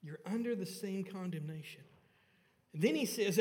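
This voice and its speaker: A man preaching a sermon to his congregation and asking them questions, rising for emphasis and then dropping low and soft on key points. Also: expressive, normal speed, long reverb tail. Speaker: pastor. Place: church sanctuary.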